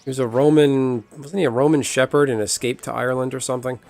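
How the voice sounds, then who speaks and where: A man's voice: medium pitch, fairly even intonation, fast, darkish tone, faint music behind. A man from the United States streaming a game, chatting casually in a rambling way and swearing now and then. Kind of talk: casual chat while gaming.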